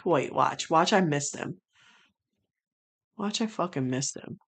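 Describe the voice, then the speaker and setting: A woman streaming casual commentary, swearing freely, sometimes breaking into loud exasperated rants and sometimes rambling thoughtfully with many restarts. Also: low-pitched, expressive, slow, long pauses.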